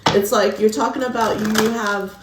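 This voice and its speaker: A woman's voice: mid-range voice, fairly even intonation, normal speed, heavy background noise. A woman giving a casual pick-a-card tarot reading, chatty and full of "like", calling listeners honey. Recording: echoey room.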